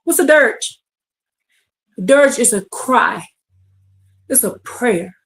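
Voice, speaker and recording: A woman teaching a streamed bible class, reading scripture and preaching it out in slang, building to shouts. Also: fairly high pitch, lively intonation, takes it slowly.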